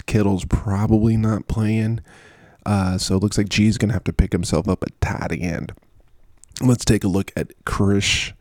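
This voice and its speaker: A man's voice: sits low, vocal fry, dark tone, no echo, studio quality. A man chatting casually and jokingly through his fantasy football picks, rambling from one aside to the next. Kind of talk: casual solo commentary.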